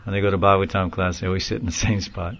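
A man's voice: low voice, rapid-fire. Rambling man telling a story, lo-fi. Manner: rambling, laughs often, animated when quoting others. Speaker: speaker recounting a story in a class. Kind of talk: informal storytelling talk.

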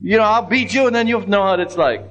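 A man voicing an angry village milkman who shouts accusations in a high, raised voice. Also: quick pace, muffled recording.

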